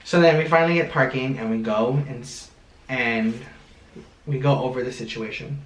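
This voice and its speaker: Animated man telling a story, roomy. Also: moderate pace. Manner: animated storyteller, acts out quotes in a higher voice. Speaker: vlog co-host. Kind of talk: casual storytime chat. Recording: roomy sound from a distance.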